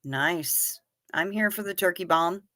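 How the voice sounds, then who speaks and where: Chatty livestream host, woman, bright tone, close and dry. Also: fairly low pitch, dry recording. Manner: chatty, reacting to comments with quick asides. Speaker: livestream host reading chat. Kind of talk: casual chat.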